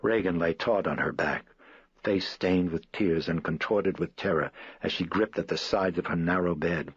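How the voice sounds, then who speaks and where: A man narrating a horror audiobook in a measured, somber manner. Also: sits low, slightly rough, dry recording. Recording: dry, slightly dull lo-fi recording.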